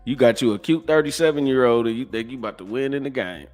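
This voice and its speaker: A man's voice: medium pitch, animated, fast, a little mellow, soft background music. A man hosting a podcast, giving profane, preachy reaction commentary. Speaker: podcast host.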